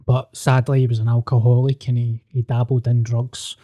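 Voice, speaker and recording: A man's voice: medium pitch, normal speed. Sweary man telling a story. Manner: sweary, animated, acts out quoted dialogue. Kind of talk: casual storytelling.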